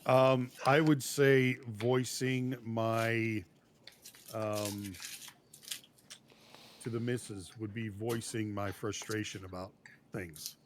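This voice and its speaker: A man's voice: lowish voice, fairly even intonation, slow, pauses often, slight background noise. A man co-hosting a live cooking stream, speaking in a casual, hesitant way with many fillers and restarts. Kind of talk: casual chat.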